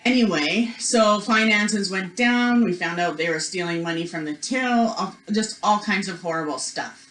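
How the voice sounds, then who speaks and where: A woman's voice: mid-range voice, normal speed, fairly bright tone. A woman presenting a spiritual workshop, telling a personal story in a chatty way, full of "like" and "you know", acting out the voices of the people in it. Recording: echoey room.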